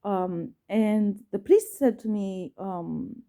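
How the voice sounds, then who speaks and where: A woman vlogger tells a personal story to the camera in a slow, mellow, mid-range voice. She hesitates a lot, filling gaps with fillers and restarting sentences, and she's emphatic, repeating herself and swearing when she gets upset.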